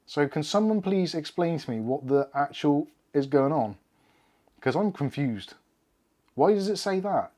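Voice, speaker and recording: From his desk, set up indoors with laptop and cameras, a man with a Bristol accent runs a relaxed tech livestream full of jokes and free swearing. His voice is mellow and animated, fairly high in pitch, at a measured pace.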